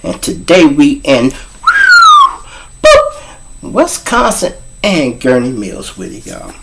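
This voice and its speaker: A man's voice: a little high, huge pitch swings, slow, creaky, very noisy. A man from Chicago hosting his show, telling a story in a casual, profane style full of street slang. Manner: profane, street slang, addresses listeners as y'all. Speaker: host, storyteller.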